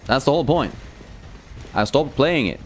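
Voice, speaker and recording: A man's voice: mid-range voice, expressive, moderate pace, a little hiss or hum. Casual man streaming games. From Sweden. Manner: loose and profane, reads chat aloud, many fillers. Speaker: game streamer. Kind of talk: casual live-stream chat.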